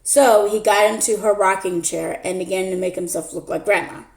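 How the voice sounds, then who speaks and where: A woman's voice: mid-range voice, steady tone, a little mellow. A woman telling a story in a playful, casual way and hosting her own channel. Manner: slow, playful narration. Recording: echoey room.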